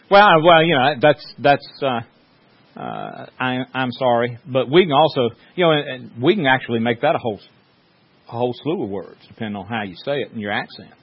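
A man's voice: mid-range voice, moderate pace, slightly rough. Folksy man preaching, lo-fi. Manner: folksy, joking storyteller with restarts. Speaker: pastor. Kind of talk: sermon. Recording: dull lo-fi sound.

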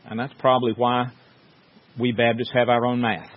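A man's voice: mid-range voice, flat delivery, normal speed. A man preaching a sermon in a folksy, joking storytelling way, with many restarts. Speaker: pastor. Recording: dull lo-fi sound.

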